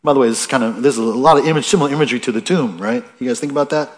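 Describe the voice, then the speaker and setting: A man's voice: medium pitch, very fast. Male preacher, conversational sermon delivery, mid-range voice, heightened scripture readings. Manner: conversational, asks the listeners questions, restarts often; reads scripture aloud with rising emphasis.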